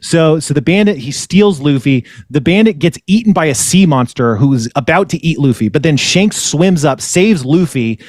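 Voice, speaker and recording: A man's voice: fairly high pitch, expressive, moderate pace, hardly any pauses, no echo, clean studio sound. A man hosting a podcast, retelling a story in a rambling way and correcting himself often. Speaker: podcast host. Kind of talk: casual chat.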